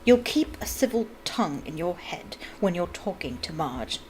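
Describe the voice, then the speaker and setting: A woman's voice: on the low side, big pitch swings, normal speed, a little mellow, slight background noise. A woman reading aloud as a blustering, bullying middle-aged uncle who barks and snarls his threats. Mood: threatening.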